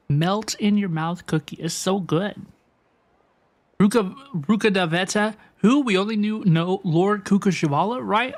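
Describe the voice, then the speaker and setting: A game streamer chatting casually with viewers, rambling with lots of fillers and tag questions. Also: medium pitch. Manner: rambling, filler-heavy, asks chat "right?". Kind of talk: casual live-stream commentary.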